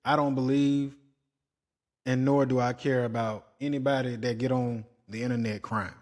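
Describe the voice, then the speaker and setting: A man's voice: medium pitch, fairly even intonation, moderate pace, darkish tone. A man hosting a podcast, reacting to clips with blunt, preachy opinions that rise to exasperated outbursts. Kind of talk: opinionated commentary.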